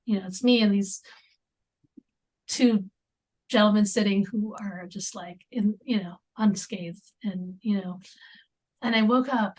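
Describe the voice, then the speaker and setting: Woman guest on an interview, lots of ums and restarts, mid pitch, goes almost whispery sometimes. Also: fairly even intonation, darkish tone. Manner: halting, with many fillers and restarts; drops into near-whispers at times. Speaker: podcast guest. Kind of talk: conversational interview.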